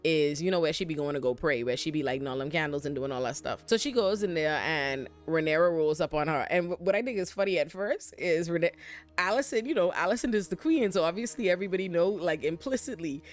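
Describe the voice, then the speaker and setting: Low-voiced woman doing a comedic recap. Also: fast, soft background music. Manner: animated, slangy, profane retelling. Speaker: show recap commentator.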